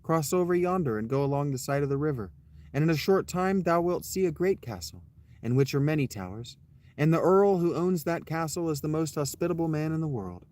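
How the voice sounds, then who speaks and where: A man's voice: on the high side, expressive, a little fast, darkish tone, natural voice. A man reading the lines of an imprisoned, loyal young handmaiden in a storybook tale, in a plain reading voice. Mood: earnest.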